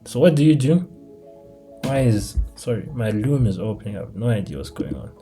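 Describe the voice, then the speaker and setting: Emphatic young man, dark voice. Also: mid-range voice, a little fast, faint music behind. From Africa. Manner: animated, emphatic, slangy, rhetorical questions. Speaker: commentator. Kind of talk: casual monologue to camera. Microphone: laptop mic.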